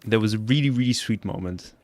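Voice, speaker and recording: A man's voice: on the low side, fast talker. A man chatting casually on a live stream, earnest and rambling, often checking in with "you know what I'm saying?". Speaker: streamer reacting to a clip.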